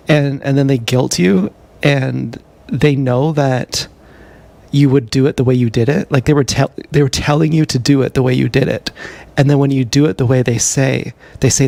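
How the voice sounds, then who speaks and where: Gravelly-voiced man rambling on a live stream. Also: medium pitch, fairly even intonation, normal speed, a little mellow. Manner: self-deprecating, meandering, frequent ums. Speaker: vlogger. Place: outdoors or on the move, GoPro. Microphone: action camera mic.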